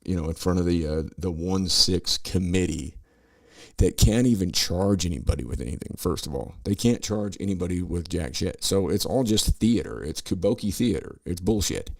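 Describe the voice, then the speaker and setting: Gravelly low-voiced man ranting sarcastically. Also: lively intonation, normal speed, no echo. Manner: ranting, sarcastic, heavy swearing, mocking. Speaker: podcast host. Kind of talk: profane political commentary over news clips.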